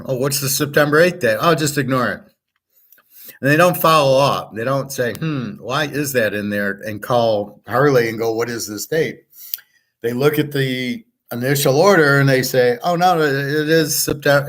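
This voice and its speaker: A man's voice: mid-range voice, fairly bright tone. A man hosting his own show, ranting casually and with frustration, swearing and acting out the exchanges he quotes. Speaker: sports picks show host. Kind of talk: casual monologue.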